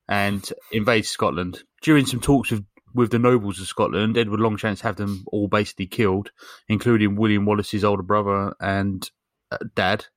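A man hosting a podcast, recapping a film in a deadpan, sweary, jokey way. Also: lowish voice, normal speed, dry recording, clean studio sound. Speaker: podcast host. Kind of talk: casual chat recapping a film.

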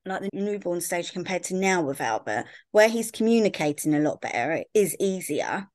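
A woman's voice: on the low side, lively intonation, normal speed, darkish tone, dry recording, clean studio sound. A young woman from Sussex, a podcast guest, telling stories in casual chat and filling her sentences with "like" and "I remember.". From Sussex, England. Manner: chatty storyteller, peppered with "like" and "I remember".

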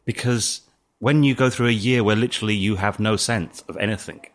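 A British man speaking as an interview guest, telling his story in a calm, thoughtful way. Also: fairly low pitch, a little fast. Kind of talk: reflective interview talk.

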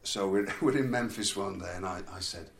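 A man's voice: low-pitched, fairly quick, creaky. Man telling a rambling story. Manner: rambling, laughs through his stories. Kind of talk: casual storytelling chat. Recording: echoey room, faint background noise.

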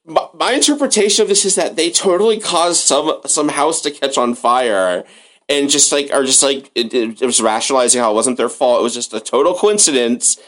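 A man's voice: mid-range voice, brisk, a bit bright. A man co-hosting a podcast in casual chat, rambling with lots of filler words. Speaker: podcast co-host.

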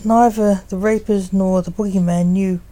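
A woman reading a fan story aloud in a steady, even storytelling manner. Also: medium pitch, normal speed, poor audio. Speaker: story reader.

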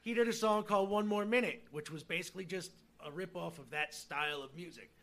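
A man co-hosts a rambling podcast in casual chat. His voice sits high and sounds bright, and he laughs easily while chatting. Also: a little fast. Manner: laughs often, chatty and excitable. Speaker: podcast co-host.

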